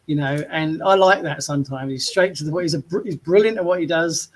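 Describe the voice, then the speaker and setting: A man's voice: on the high side, a little fast, low-quality recording. A man co-hosting a live online show, chatting casually and retelling stories with lots of asides. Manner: chatty storyteller, retells scenes in quoted voices. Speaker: co-host of a live marketing show. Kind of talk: casual chat.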